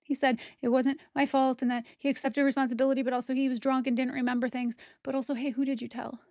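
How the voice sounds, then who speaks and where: High-pitched gravelly woman, blunt and heated. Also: flat delivery, fast talker, a little mellow, dry recording, studio quality. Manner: blunt, heated and profane, often emphatic. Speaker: content creator. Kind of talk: personal testimony straight to camera.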